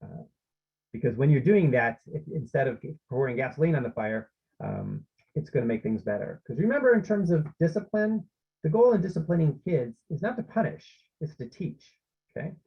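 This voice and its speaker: A man's voice: on the high side, sing-song, normal speed, creaky, slightly rough, highs cut off. A man presenting an online parenting workshop, explaining steps and often checking in with his listeners.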